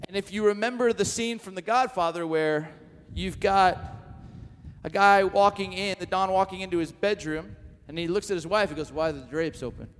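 A middle-aged pastor delivers his sermon in a notably high voice, carrying the listener through a story with animated energy. He keeps tossing in asides that poke fun at himself. His words ring out with a long reverb off the walls of a large hall. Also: moderate pace, slight background noise.

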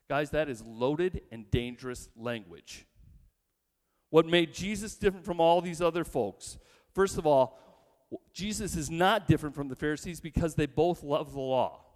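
A man's voice: on the high side, animated, moderate pace, a little mellow. A male pastor preaching a sermon in a church, emphatic and building long lists, with rhetorical questions to the congregation. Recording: long reverb in a large hall.

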